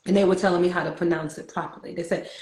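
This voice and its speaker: A woman's voice: on the low side, fairly even intonation, very fast, a little mellow. Brief: New York woman, chatty livestream host, laughs easily, roomy echoey sound. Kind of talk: casual livestream chat. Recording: roomy echo.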